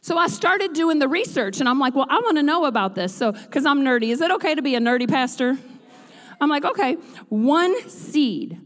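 High-voiced woman preaching in a big hall. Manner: builds to loud rhythmic preaching, then drops to chatty asides. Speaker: pastor. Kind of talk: sermon. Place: church sanctuary. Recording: long reverb of a large hall.

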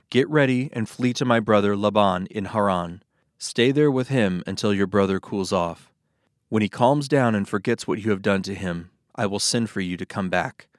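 A man reading Bible passages aloud as scripted narration, with a steady, even storytelling delivery. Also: on the low side, no echo, clean studio sound. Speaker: Bible reader.

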